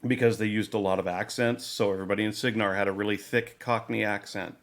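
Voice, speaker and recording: Low-voiced man chatting casually, rambling. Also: steady tone, fast. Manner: rambling, many restarts and fillers. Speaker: podcast host. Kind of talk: casual hobby chat.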